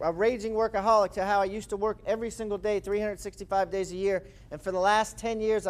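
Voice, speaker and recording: A man in his fifties giving a motivational talk to a live audience, telling a story with lively, acted-out quotes. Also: sits high. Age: 50s. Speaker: speaker. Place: live presentation room.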